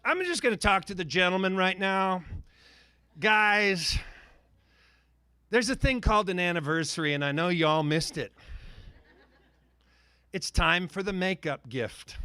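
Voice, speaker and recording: Running a charity auction, a man with a high, ringing voice rattles off bid calls in energetic patter, joking with bidders and needling them by name. The recording is dry and close, with no room sound.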